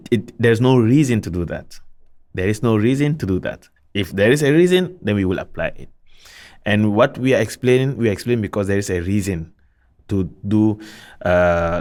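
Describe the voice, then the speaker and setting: A man's voice: fairly low pitch, darkish tone. A man teaching Quran recitation rules, patiently repeating points, asking and answering his own questions, and chanting verses as examples.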